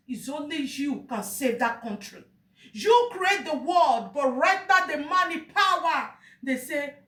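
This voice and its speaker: A Nigerian woman vlogger with a high, sharp voice delivers an emotional, pleading monologue, crying out to God and lamenting. She sounds off-mic and distant in an echoey room.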